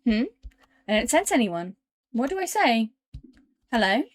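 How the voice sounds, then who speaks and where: A woman's voice: on the high side, big pitch swings, measured pace. A woman streaming a game live, reading its text aloud and chatting to her viewers between lines. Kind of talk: live game playthrough commentary.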